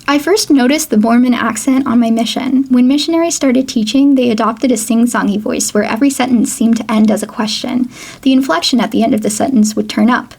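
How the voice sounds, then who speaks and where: Host, woman, fairly high voice with a lot of vocal fry, chatty educational narration. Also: a little fast, darkish tone. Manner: chatty, reads quotes aloud, laughs now and then. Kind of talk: casual educational vlog narration.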